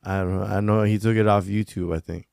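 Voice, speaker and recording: A male podcast host with a smooth, resonant voice, talking through his thoughts in easygoing, rambling chat. He is recorded close on a dry mic. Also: fairly low pitch, steady tone, fast, darkish tone, dry recording.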